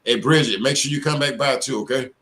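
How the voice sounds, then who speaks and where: A man's voice: medium pitch, quick pace, crowd noise. A middle-aged man hosting a casual live stream, talking in a loose, slangy, profane and rambling way.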